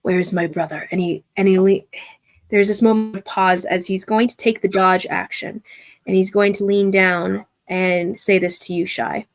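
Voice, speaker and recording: A woman's voice: medium pitch, flat delivery, normal speed, vocal fry. A woman narrating a tabletop game as game master, telling it dramatically with some fillers.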